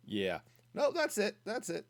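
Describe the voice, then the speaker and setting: Chatty streamer with a lively voice. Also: medium pitch. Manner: chatty, thinking aloud, reading chat. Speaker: game streamer. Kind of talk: casual gaming stream commentary.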